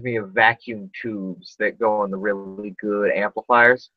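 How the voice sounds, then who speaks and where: A man's voice: lowish voice, fairly even intonation, unhurried, no echo, phone-quality sound, faint music behind. A man hosting a casual podcast chat, rambling with lots of fillers and restarts. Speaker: podcast host.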